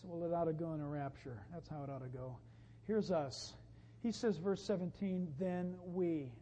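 A man preaching a sermon as pastor, animated and punchy, with emphatic rises and wry jokes. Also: sits high, slight background noise. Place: church sanctuary. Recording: lo-fi, dull, long reverb from a church hall.

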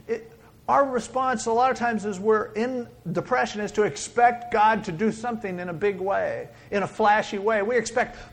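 Male preacher, high voice, dramatic sermon delivery that swings from booming to whispered. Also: animated, normal speed, vocal fry. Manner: dramatic, swings between loud exclaiming and hushed whispering.

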